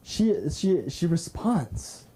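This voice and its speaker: A young man doing stand-up at an open mic, spinning a self-deprecating story in a rambling way, full of fillers and restarts. His voice has a mellow, darker tone, and faint room noise sits behind him in the club. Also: high-pitched, big pitch swings, takes it slowly. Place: comedy club stage.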